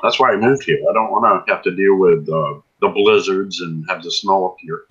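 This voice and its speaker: A man's voice: deep voice, normal speed, fairly bright tone, breathy edge. A man chatting as a guest on a friend's live stream, laughing often and teasing. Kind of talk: casual chat. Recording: dull lo-fi sound.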